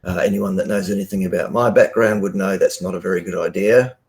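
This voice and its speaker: A man, a guest on a live stream, talking bluntly and forcefully with many ums and restarts, over a video call. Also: low-pitched, steady tone, fast. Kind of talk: casual live-stream talk.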